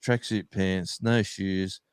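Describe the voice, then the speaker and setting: A middle-aged Australian man, a touring musician, telling rambling animated anecdotes in casual chat. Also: low-pitched, slow pace, clear, resonant tone, dry recording, clean studio sound.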